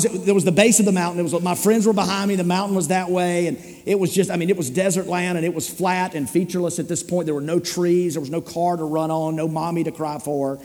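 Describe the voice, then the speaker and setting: Warm-voiced pastor in a reverberant hall. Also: male voice, sits high. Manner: rambling, self-deprecating humorous storytelling. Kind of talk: sermon with storytelling.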